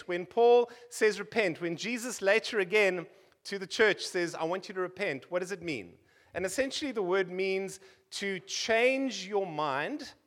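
A high-pitched South African man in his forties delivering a sermon. He keeps it conversational, tossing in wry jokes and asides to the congregation. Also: fairly bright tone. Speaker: preacher.

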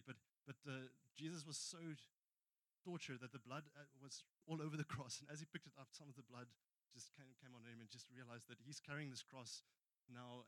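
A man's voice: medium pitch, fairly bright tone, no room sound. Earnest South African preacher man. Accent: South African English. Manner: storytelling preacher, earnest, with frequent restarts. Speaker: pastor. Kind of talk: sermon. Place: church.

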